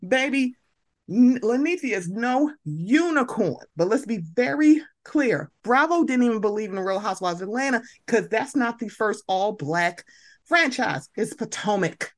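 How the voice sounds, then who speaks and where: A woman's voice: fairly high pitch, animated, moderate pace. A woman hosting a podcast, giving blunt, slangy commentary in casual chat and often acting out quoted reactions. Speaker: podcast host.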